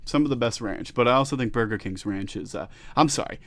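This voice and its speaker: A man's voice: medium pitch, fast, fairly bright tone. A young man co-hosting a casual podcast, rambling and teasing, laughing often. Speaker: podcast co-host. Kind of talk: casual chat.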